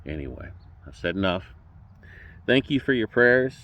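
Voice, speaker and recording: A man's voice: on the low side, expressive, normal speed, a bit bright, dull audio. An emotional man speaking as a political candidate, folksy and fervent, often repeating words as he restarts. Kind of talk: direct-to-camera campaign address.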